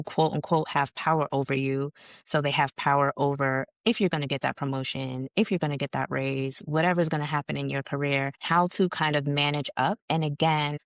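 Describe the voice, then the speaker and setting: A woman's voice: deep voice, no room sound, clean studio sound. A woman guest on a podcast, telling her story in a frank, casual way with slang and some swearing. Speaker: podcast guest, founder of a leadership organization. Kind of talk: candid conversational storytelling.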